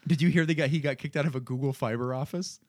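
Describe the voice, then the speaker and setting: A man's voice: medium pitch, steady tone, fast, a little mellow. A man co-hosting a casual podcast chat, rambling and groping for words, often laughing at himself. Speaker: podcast co-host.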